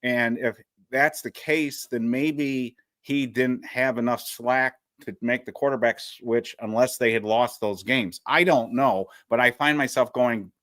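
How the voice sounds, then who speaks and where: A man co-hosts a sports talk show, trading dry jokes at his own expense. His voice is mid-pitched and plain. The recording is close and dry, with no room sound. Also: steady tone, measured pace, hardly any pauses, a bit bright, no room sound. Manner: wry, joking, self-deprecating. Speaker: senior editor, co-host. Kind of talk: casual sports chat.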